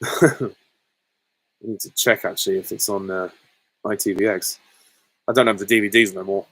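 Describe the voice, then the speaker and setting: A man's voice: on the low side, fairly even intonation, moderate pace, a bit bright, breathy edge, rough recording. A man hosting a live stream, reading out viewer questions and answering them in a candid, chatty way.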